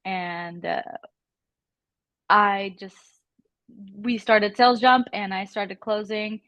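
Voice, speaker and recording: A woman's voice: medium pitch, fairly even intonation, slow, a bit bright, no room sound. A woman telling her sales story in a modest, giggly manner, with lots of fillers. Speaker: sales closer, podcast guest. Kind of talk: casual storytelling.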